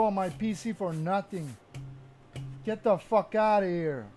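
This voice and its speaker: A man's voice: high-pitched, a little slow, darkish tone. A man commentating his live game stream, cursing in frustrated outbursts with faint game music behind. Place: home room at a computer.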